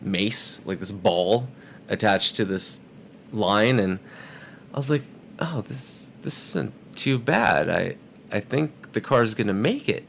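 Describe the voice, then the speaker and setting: Low-voiced man telling a car story. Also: takes it slowly, gravelly, a little hiss or hum. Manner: animated, acts out quoted voices. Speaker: podcast guest. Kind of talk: casual storytelling.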